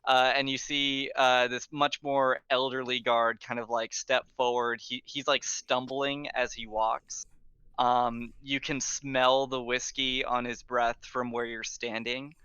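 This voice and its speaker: Bright, smooth-voiced male game master. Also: medium pitch, flat delivery, slow pace, no room sound, muffled recording. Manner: rambling, full of fillers and restarts. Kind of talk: narrating a tabletop game.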